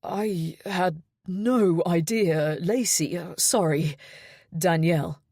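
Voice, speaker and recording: A woman voicing a gentle, emotional young man in an audiobook, speaking haltingly. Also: lowish voice, no room sound, studio quality. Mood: rueful.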